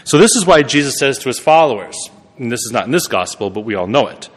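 A man's voice: mid-range voice, expressive, fast. Preacher man in a reverberant church. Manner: conversational, self-correcting, laughs at himself. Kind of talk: sermon. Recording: long reverb of a church hall.

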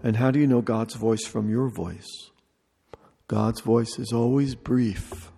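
The retreat leader, a man with a dark, mellow, gravelly voice at a medium pitch, holds a steady tone as he addresses a large hall. He takes his time, speaking deliberately and circling back to short phrases, while a long reverb trails behind his words.

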